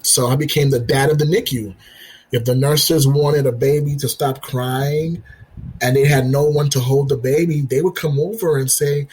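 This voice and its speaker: A man, a military veteran and father, telling his story as a podcast guest in an earnest, halting way, repeating himself and acting out the dialogue. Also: on the high side, fairly even intonation, darkish tone, husky, rough recording. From United States. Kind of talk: personal storytelling in an interview.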